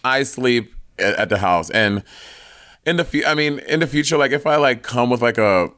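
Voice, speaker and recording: A man's voice: mid-range voice, expressive, moderate pace, pushed and bright, smooth, dry recording, studio quality. A man co-hosting a podcast in casual chat, laid-back and teasing, often laughing. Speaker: podcast co-host.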